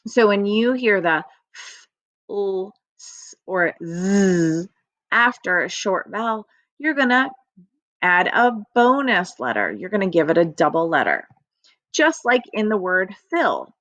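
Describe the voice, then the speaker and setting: A woman's voice: mid-range voice, sing-song, slow pace, fairly bright tone, dry recording. A woman teacher giving a recorded phonics lesson to young children, upbeat and sing-song.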